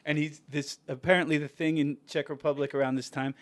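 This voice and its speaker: A man, a guest musician on a podcast, telling a casual story in an animated way, laughing and acting out what people said. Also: fairly high pitch, fairly quick. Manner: animated, acts out quotes with laughter.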